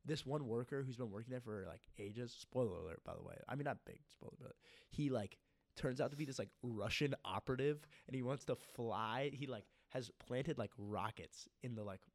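A man's voice: mid-range voice, normal speed, creaky, no echo. Rambling young man, lots of "like". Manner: rambling, filler-heavy storytelling. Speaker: podcast co-host. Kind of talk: casual chat.

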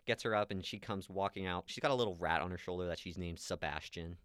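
Guy with a lowish voice retelling movie scenes in a chill chat, dry mic. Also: fast talker, fairly bright tone, clear, resonant tone, dry recording. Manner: retells scenes quoting characters. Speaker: podcast co-host. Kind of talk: casual chat recapping a movie.

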